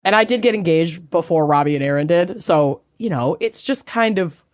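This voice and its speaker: A woman's voice: lowish voice, animated, normal speed, dry recording, studio quality. A woman, co-hosting a podcast in playful, rambling casual chat. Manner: chatty, playful, rambling stories. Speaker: podcast co-host.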